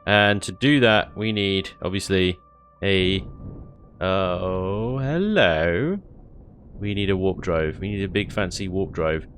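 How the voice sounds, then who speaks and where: A man's voice: deep voice, animated, slow pace, a bit bright, soft background music. A man chatting casually while playing a space game, rambling and laughing often. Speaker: game streamer. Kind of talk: casual gameplay commentary.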